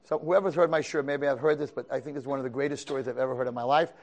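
A man giving a storytelling lecture as a rabbi, animated, moving between quiet asides and loud dramatic peaks. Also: mid-range voice, very fast, highs cut off. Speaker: rabbi teaching a class.

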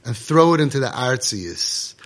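A man voicing God, calm and questioning. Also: mid-range voice, normal speed. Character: God speaking to Moses, calm questioning elder.

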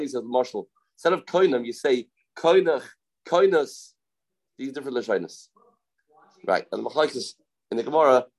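A man's voice: mid-range voice, a little mellow, poor audio. Man teaching an informal Talmud class. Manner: explains step by step, repeats key phrases, asks rhetorical questions.

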